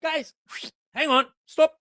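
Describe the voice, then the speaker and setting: A man voicing a playful ancient king, made giggly and high-pitched, as a comic aside in a casual talk. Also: steady tone, takes it slowly, pushed and bright, no room sound, studio quality, exaggerated voice. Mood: giddy. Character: excitable ancient king chatting with an ant.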